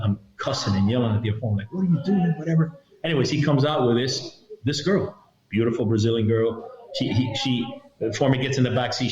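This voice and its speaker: A middle-aged man, a retired federal agent, tells a story from his career as a guest on a podcast. He talks with animation and acts out the other people in the story. His voice has a middle pitch and sounds roomy and a little dull. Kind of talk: recounting a story in a podcast interview.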